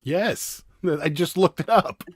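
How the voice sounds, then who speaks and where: A man's voice: sits high, lively intonation, takes it slowly, breathy edge, no echo. Dry-sounding man rambling casually. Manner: rambling, filler-heavy, teasing. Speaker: co-host of a live reselling stream. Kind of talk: casual chat. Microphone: desk microphone.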